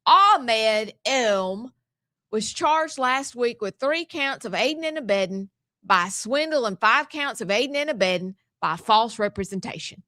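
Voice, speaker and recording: Joking Southern woman, fairly high voice. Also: expressive, moderate pace, a bit bright, no room sound. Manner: folksy, joking, drawling storyteller. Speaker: co-host. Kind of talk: casual political talk show chat.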